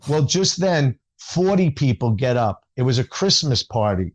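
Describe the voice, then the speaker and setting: A man, a stand-up comedian, telling an animated story in casual conversation and acting out the dialogue. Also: medium pitch, normal speed, a little hiss or hum.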